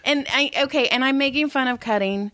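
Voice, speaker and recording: Her voice is high-pitched, brisk and sharp as she co-hosts a podcast, a middle-aged woman telling crude family stories in casual chat and performing what everyone said. The bluntness comes through clean, studio-quality audio with no echo.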